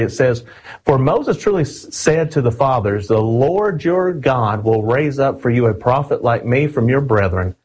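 A man delivers a sermon in a husky, slightly breathy voice. He speaks earnestly and with emphasis, often calling his listeners friends. He slows down whenever he reads scripture aloud. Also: mid-range voice, darkish tone, poor audio. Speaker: preacher.

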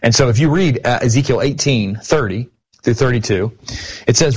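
A man's voice: medium pitch, brisk, husky. A man hosting a casual discussion of scripture, retelling past exchanges in a conversational way. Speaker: podcast host.

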